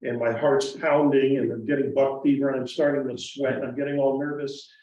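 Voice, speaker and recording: A man telling stories about his carving to a live audience in a folksy, animated way. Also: mid-range voice, a little fast. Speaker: guest woodcarver speaker. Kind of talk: storytelling talk to a live audience. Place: museum presentation room. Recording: echoey hall, distant muffled mic.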